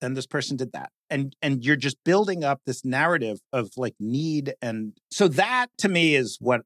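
A man talking in an animated, conversational way, his voice climbing and dipping a lot as he goes. He slips into mock announcer tones and fills his talk with "like." The sound is close and dry. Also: mid-range voice, normal speed, dry recording. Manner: lively, mimics stiff announcer voices, says "like" often. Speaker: guest speaker, podcast creator.

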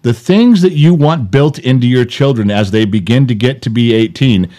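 A middle-aged man chatting on a podcast in a voice of ordinary middle pitch. He is blunt and joking, with the odd curse. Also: normal speed, warm tone. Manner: blunt, joking, a bit profane. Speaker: podcast co-host. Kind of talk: casual chat.

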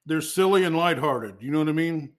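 A man hosting a casual interview, talking in a relaxed, halting way with plenty of pauses. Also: fairly high pitch. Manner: relaxed, halting, lots of fillers. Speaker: host.

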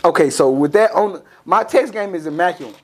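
Young man, high voice, laid-back. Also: lively intonation, a little fast, a little mellow. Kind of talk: casual chat.

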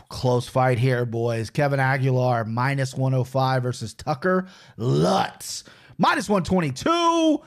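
A man hosting a casual betting podcast, talking in loud, profane, joking banter. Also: medium pitch, slow, vocal fry. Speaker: podcast host.

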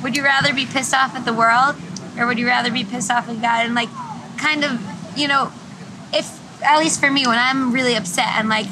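A young woman in her twenties with a slightly raspy voice, thoughtfully explaining her beliefs in a street interview. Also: a little high, fairly even intonation, fairly quick, noisy background. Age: 20s. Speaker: college student, interviewee.

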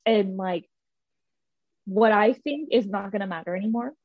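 A woman chatting casually as a mother, reflective and lively when quoting her child. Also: medium pitch, normal speed, no room sound, muffled recording. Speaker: podcast co-host, mother of a daughter. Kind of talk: casual chat.

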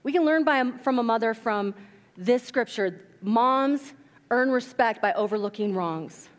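A woman pastor preaches from the pulpit, telling stories and acting out the people in them. Her voice sits fairly high. It rings with the long reverb of a church hall. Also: unhurried. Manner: animated storytelling, acts out quotes. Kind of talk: sermon. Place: church sanctuary.

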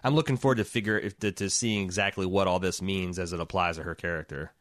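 A man co-hosting a casual podcast chat, talking in halting phrases full of fillers. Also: low voice, steady tone, dry recording, clean studio sound. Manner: halting, heavy on "like". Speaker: podcast co-host.

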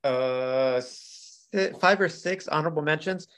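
A man's voice: a little high, slow, a bit bright. A man co-hosting a podcast in casual chat, rambling, repeating himself and laughing often. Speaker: podcast co-host.

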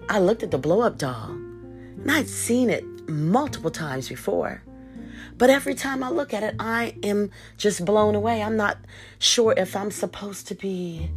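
Slow, low-voiced woman storyteller. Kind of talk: first-person erotic story narration.

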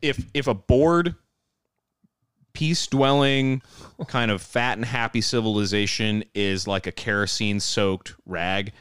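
A man's voice: lowish voice, steady tone, a little slow, a bit bright, clean tone, no echo, studio quality. A young man co-hosting a podcast, adding wry, wordy commentary full of colorful turns of phrase. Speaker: podcast co-host. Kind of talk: casual chat.

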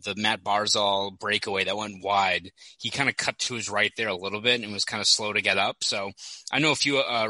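A young man, a hockey reporter, chatting casually on a podcast and telling stories with quick asides. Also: lowish voice, pushed and bright, no echo, poor audio.

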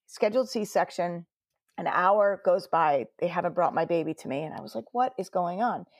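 A woman's voice: on the low side, normal speed, no echo, studio quality. A woman, a nurse telling her story earnestly in an interview, quoting her own words along the way. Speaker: guest nurse.

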